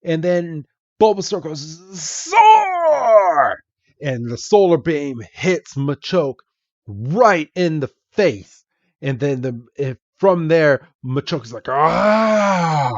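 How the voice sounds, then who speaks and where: Slightly high and a bit mellow, this man's voice comes through a dry, dull recording. He's a podcast host recapping a comic, speaking slowly and chattily with frequent self-corrections.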